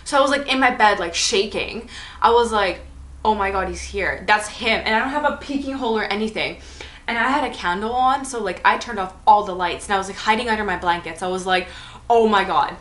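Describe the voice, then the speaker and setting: A woman's voice: mid-range voice, fast talker, fairly bright tone, reverberant. A young woman chatting animatedly through a storytime vlog, full of fillers and acted-out dialogue. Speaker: vlogger.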